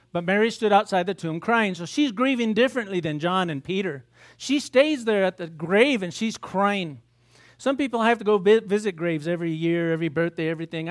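A man preaching a sermon as a pastor, asking his congregation rhetorical questions and acting out biblical scenes in raised voices. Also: sits high.

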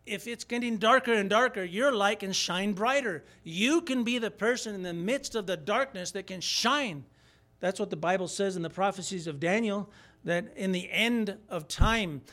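Male preacher, sermon to a congregation, high voice, emphatic, repetitive. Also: fairly bright tone.

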